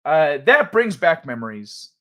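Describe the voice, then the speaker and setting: A man's voice: on the high side, very animated, unhurried, fairly bright tone. A man hosting a casual livestream, rambling and joking with his chat. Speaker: livestream host.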